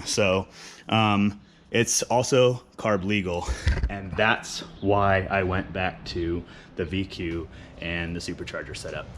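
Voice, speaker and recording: A young man talks through his car engine in a garage, loose and unhurried, with a fairly low voice. Frequent ums stretch out his sentences, and a faint hiss sits behind him. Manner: relaxed, rambling with many ums. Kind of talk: casual garage walkthrough. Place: home garage.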